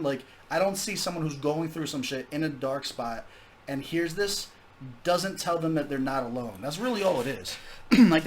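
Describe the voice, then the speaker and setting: A man's voice: fairly high pitch, slight background noise. A young man hosting a casual music review, candid, profane and enthusiastic. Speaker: music reaction host. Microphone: desk microphone.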